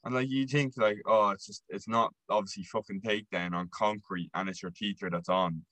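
A man's voice: on the low side, steady tone, fairly quick, bright, forceful tone, no room sound, low-quality recording. A young man with an Irish accent, hosting a casual podcast chat, laughing as he tells stories and swearing freely. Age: young adult. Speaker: podcast host.

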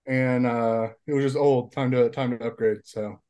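A man's voice: mid-range voice, steady tone, normal speed, mellow. A man co-hosting a casual podcast over a video call from a phone camera, easygoing and hesitant. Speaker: podcast co-host. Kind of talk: casual chat. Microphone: phone front camera on a video call.

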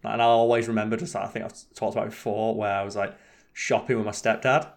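A man's voice: on the low side, steady tone, fast talker, creaky. Brief: young guy, casual podcast co-host, meandering and profane storyteller. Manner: rambling, swearing, many restarts.

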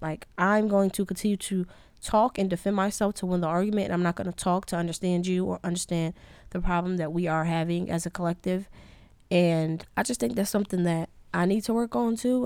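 A woman's voice: fairly low pitch, darkish tone, clean tone, no room sound. Candid young woman musing aloud. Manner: candid, rambling, self-critical. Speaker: podcast host. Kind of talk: casual reflective monologue.

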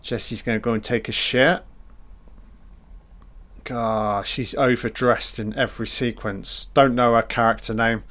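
A man talks through a film in a loose, unhurried commentary. He swears constantly and mocks what he sees with dry sarcasm. His pitch sits in an ordinary middle range. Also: fairly even intonation, a bit bright. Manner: crude, sardonic, swears freely; mimics characters in mock voices. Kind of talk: casual running film commentary.

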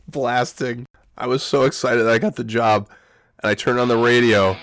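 A man's voice: on the low side, steady tone, normal speed, over music. A young man telling a rambling, self-mocking personal story in casual talk, swearing freely.

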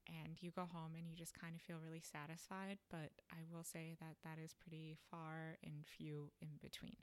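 A woman's voice: sits low, flat delivery, normal speed, smooth, no room sound. A woman podcast host and vet tech telling stories in a casual, chatty way, full of "you know" fillers. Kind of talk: casual storytelling monologue.

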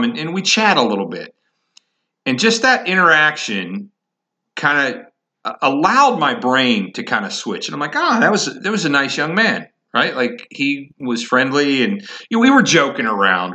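A middle-aged podcast host from Indiana tells an everyday story in a loose, rambling way, restarting his sentences and chuckling now and then. His voice is bright and forceful, set at an average pitch for a man. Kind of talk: casual storytelling monologue.

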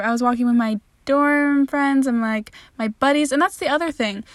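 A young woman with a somewhat high voice tells a casual, sweary story about herself. She is candid and self-deprecating. The sound is dry and close, with no room around it. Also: normal speed, pushed and bright, dry recording. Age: young adult. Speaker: podcast host.

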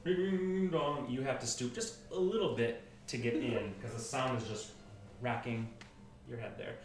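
A man running a tabletop game, describing scenes in animated, stumbling bursts. His voice bounces around a roomy space. The mic sits well away from him. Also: medium pitch. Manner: animated, halting describer with many restarts. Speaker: game master. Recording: roomy room, distant mic.

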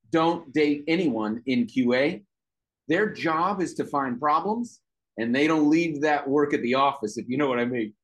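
Chatty male comedy host. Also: fairly high pitch. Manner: chatty, checking in with the audience. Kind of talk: stand-up comedy bit.

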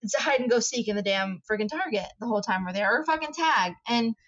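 A woman's voice: a little high, animated, fast, a bit bright. Swearing woman on a dull lo-fi recording. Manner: frank storytelling, heavy swearing. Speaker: podcast co-host. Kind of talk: casual chat. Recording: dull lo-fi sound.

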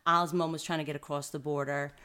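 A woman's voice: low-pitched, flat delivery, fast talker, bright, forceful tone, smooth. A woman guest on a podcast, telling her personal story in casual conversation. She is earnest and acts out the voices of other people as she quotes them. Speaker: podcast guest, mother of triplets.

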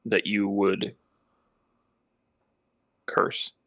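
A man's voice: on the low side, monotone, drawn-out words, fairly bright tone, no room sound. A man co-hosting a casual podcast chat, curious and easily amused. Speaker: podcast co-host. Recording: dull lo-fi sound.

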